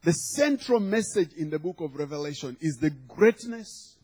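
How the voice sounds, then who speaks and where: Husky-voiced man preaching a sermon. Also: a little high, lively intonation, normal speed, darkish tone. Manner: storytelling with acted quotes and laughter. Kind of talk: sermon with humorous story.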